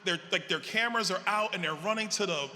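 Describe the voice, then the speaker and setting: Forceful man speaking in a big hall. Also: high voice, fast. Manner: animated, acts out quoted dialogue. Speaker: politician giving a convention speech. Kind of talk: storytelling speech to a live audience. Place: large convention hall. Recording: reverberant hall with faint crowd ambience.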